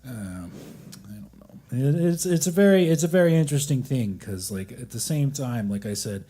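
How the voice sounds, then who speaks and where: A man's voice: mid-range voice, expressive, moderate pace, dark tone. A man doing a rambling, self-deprecating comedy set at a coffee shop open mic, often stopping and restarting his sentences.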